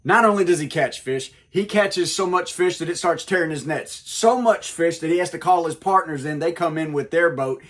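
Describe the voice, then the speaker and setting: A man leads a comic Bible lesson with a slightly high voice. He keeps it casual and loose and slips in wisecracks as he tells the story. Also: normal speed, hardly any pauses, fairly bright tone. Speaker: comedic preacher, host.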